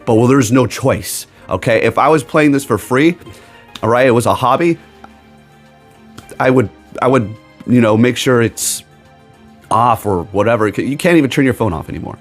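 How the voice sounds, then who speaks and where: At normal speed but pausing often, the gaming YouTuber talks in a medium-pitched male voice with faint music behind him. He delivers an emphatic, rambling casual rant with sarcastic asides and keeps tagging "okay?".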